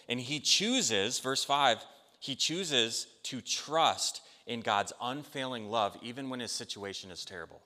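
Man, pastor, earnest conversational sermon, long hall reverb, bright forceful tone. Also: mid-range voice. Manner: earnest, conversational preaching with acted-out quotes.

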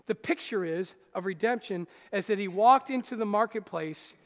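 A male pastor preaching a sermon, swinging from loud rousing lines to hushed soft ones and asking the congregation questions. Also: sits high, moderate pace. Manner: speaks straight to the congregation with questions. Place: church hall. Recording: hall reverb.

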